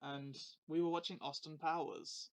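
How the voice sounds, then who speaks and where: A man's voice: fairly high pitch, flat delivery, moderate pace, poor audio. A man hosting a casual podcast, asking curious, teasing questions of his guest. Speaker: podcast host.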